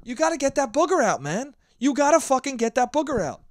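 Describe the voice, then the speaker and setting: A young man hosting his own podcast, ranting with lots of swearing and sometimes shouting into a handheld mic. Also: very high voice, fairly quick, no room sound. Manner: profane, animated ranting; shouting at times. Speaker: podcast host. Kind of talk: solo podcast monologue.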